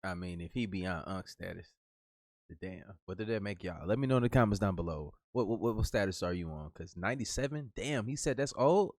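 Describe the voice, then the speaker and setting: A man's voice: low voice, expressive, a little fast, a little mellow, no echo, studio quality. A man hosting a reaction video, joking bluntly and swearing in casual commentary.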